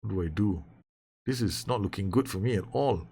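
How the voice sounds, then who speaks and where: A man giving excited, nervous live commentary on his own football management game, swearing and shouting orders at his players. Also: fairly low pitch, brisk, breathy edge. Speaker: gaming YouTuber.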